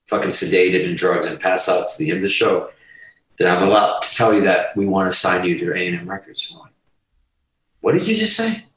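A man guest telling a long profane story in casual chat, animated and rambling. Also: sits low. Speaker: podcast guest, musician. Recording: roomy, distant mic.

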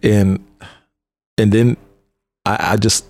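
A man hosting a conversation, a police officer and mentor telling a story in an animated way and often restarting his phrases. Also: deep voice, fairly quick.

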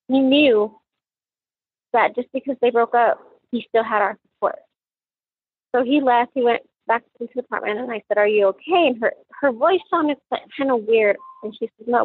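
A middle-aged woman recounting her daughter's last day for a true crime podcast, halting and often repeating words as she quotes what was said. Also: mid-range voice, slightly rough, dry recording, narrow, tinny audio.

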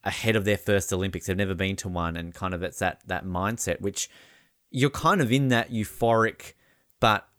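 A host asking questions in a relaxed, conversational way. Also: low voice, normal speed, no echo, clean studio sound. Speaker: podcast host. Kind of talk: casual interview.

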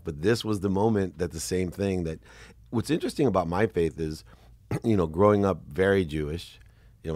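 A man in his fifties hosts a relaxed podcast conversation, his voice sitting very low. He talks in an animated, rambling way with frequent laughter. The recording is dry and close, with no room sound. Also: dry recording. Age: 50s. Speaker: podcast host. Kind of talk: conversational interview.

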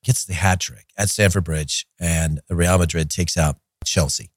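A man's voice: sits low, steady tone, unhurried, breathy edge, no room sound, studio quality. Chatty man hosting a soccer podcast. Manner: chatty and opinionated, joking rants. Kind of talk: casual solo commentary.

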